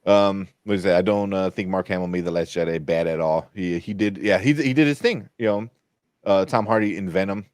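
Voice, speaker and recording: A man's voice: low voice, a little fast, darkish tone, dry recording. A man hosting a casual film podcast, rambling with many fillers and frequent laughs. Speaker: podcast host. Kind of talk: casual chat.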